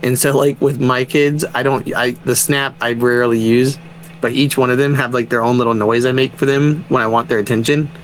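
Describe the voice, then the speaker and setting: A man, a father of young kids, in casual podcast chat, telling animated stories, swearing freely and laughing often. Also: mid-range voice, fairly quick, a little hiss or hum, rough recording. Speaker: podcast co-host.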